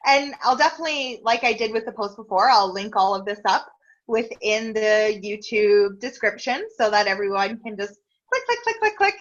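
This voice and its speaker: Warm-hearted woman host on a lo-fi call. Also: mid-range voice, normal speed. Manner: earnest, grateful, gets emotional. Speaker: interview host. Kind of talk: casual video-call interview. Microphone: video call.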